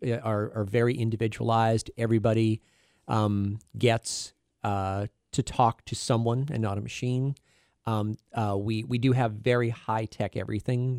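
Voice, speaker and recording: A middle-aged man, a cardiologist, speaking as a guest in a radio interview, halting with many fillers and restarts. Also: lowish voice, a little mellow, clear, resonant tone, no room sound, clean studio sound.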